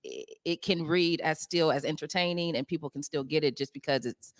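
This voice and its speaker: A young adult woman, a stage actress, chatting as a guest in an interview, talking loosely with many fillers and quick laughs. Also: low-pitched, dry recording, studio quality. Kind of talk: casual interview chat.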